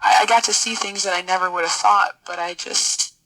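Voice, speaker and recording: A middle-aged woman guest telling a personal story in an interview, earnest and halting, often repeating words as she searches for them. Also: medium pitch, steady tone, pushed and bright, poor audio. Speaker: podcast guest, military officer.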